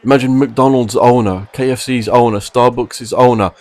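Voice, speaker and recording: A man in an exasperated opinion rant, hammering his points with repetition and disbelief. His voice sits at an ordinary middle pitch. The recording is close and dry, with no room sound. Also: fairly even intonation, normal speed, darkish tone, dry recording. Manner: frustrated, exasperated, emphatic. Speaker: wrestling commentary vlogger.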